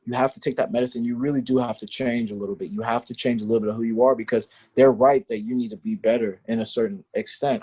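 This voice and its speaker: A man's voice: medium pitch, a little mellow. A man, a former pro soccer player, telling a long story in a podcast interview, rambling with lots of fillers like "you know".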